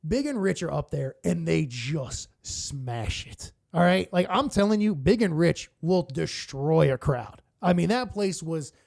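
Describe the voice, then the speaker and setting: A radio co-host tells stories as a podcast guest, and his voice sits high with a gravelly rasp running through it. He talks in an animated, profane way and acts out other people's quotes as he goes. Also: a little slow, hardly any pauses. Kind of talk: casual storytelling.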